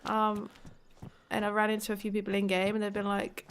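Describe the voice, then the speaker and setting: A woman's voice: mid-range voice, monotone, fairly quick, gravelly, slight background noise. An English woman live-streaming a game, chatting casually, laughing often and swearing freely. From England. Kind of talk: casual live-stream chat while gaming.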